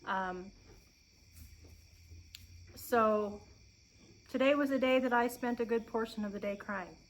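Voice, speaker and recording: An Oregon homestead vlogger in her thirties talks openly to camera from her farm, her voice on the high side. Close to tears but earnest and encouraging, she often pauses and starts over. Faint insect noise comes through the low-quality audio.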